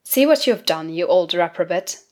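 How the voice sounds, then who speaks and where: A woman's voice: lowish voice, animated, moderate pace, darkish tone, lightly acted. A woman voicing a hearty grown man in a storybook reading, jovial and teasing in his greetings. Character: hearty, boisterous grown man, dusty rider.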